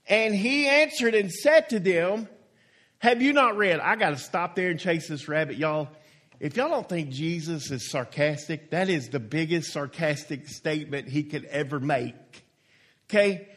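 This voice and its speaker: A man's voice: a little high, moderate pace, fairly bright tone. A man preaching a sermon as a pastor, folksy and emphatic, stretching out key words for stress.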